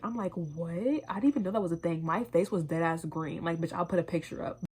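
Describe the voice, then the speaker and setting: Husky-voiced young woman telling a story. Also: lowish voice, fast talker. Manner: animated, profane, quoting herself in voices. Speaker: vlogger. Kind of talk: casual storytime chat.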